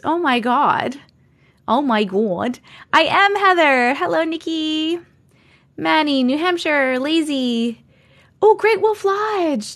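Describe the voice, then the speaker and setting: Lady live streamer, high chirpy voice, bubbly, says hi to everyone in chat, desk mic at home. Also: a bit bright. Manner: bubbly, greets viewers by name, reads comments aloud. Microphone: desk condenser mic.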